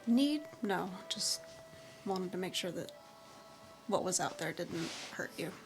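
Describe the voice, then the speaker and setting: A woman's voice: lowish voice, animated, unhurried, faint music behind. A woman playing a tabletop game, speaking in short, matter-of-fact turns. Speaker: player. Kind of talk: casual tabletop play.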